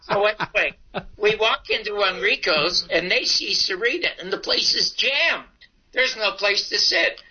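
Older comic guy spinning old showbiz stories, does the voices, kinda high voice, dull lo-fi sound. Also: measured pace, breathy edge. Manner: animated, acts out quoted dialogue. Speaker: comedian telling his life story. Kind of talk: casual anecdotal storytelling. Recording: muffled lo-fi recording.

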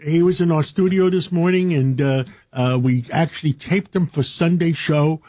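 A talk radio host chats effusively with his guests. His voice is high and husky. The audio sounds a little dull. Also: moderate pace. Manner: effusive, conversational.

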